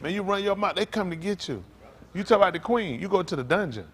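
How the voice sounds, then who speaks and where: An American pastor with a high, husky voice preaches fast in an informal, joking sermon. Animated and laughing, he teases the congregation and keeps asking "isn't that right?"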